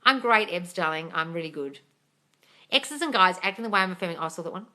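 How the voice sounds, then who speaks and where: With a fairly low pitch, lively intonation and a fast, pushed, bright delivery, the woman reads live comments as a manifesting coach. Her answers are blunt and full of swearing, and everyone gets called darling.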